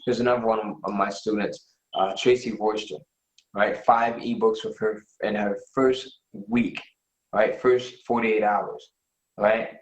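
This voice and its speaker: Excited guy pitching on a webinar, keeps saying "right?", echoey room. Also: unhurried. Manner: enthusiastic, repeats "right?" often. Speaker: webinar host. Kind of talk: live webinar sales pitch.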